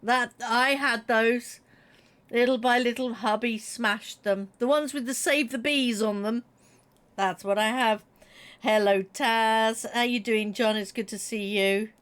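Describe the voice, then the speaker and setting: A middle-aged woman chatting casually while she streams a game, giggling and greeting her chat. Her voice sits a little high, with a slight froggy catch in her throat. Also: fairly even intonation, measured pace, a bit bright.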